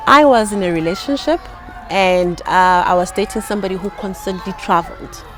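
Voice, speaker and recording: A woman co-hosting a casual talk show, calmly explaining her view with frequent affirming murmurs. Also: mid-range voice, a little fast. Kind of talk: casual podcast chat.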